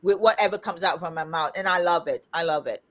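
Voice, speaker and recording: Loud outspoken woman in her fifties. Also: on the low side, fairly quick. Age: 50s. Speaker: livestream host. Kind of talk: casual livestream chat.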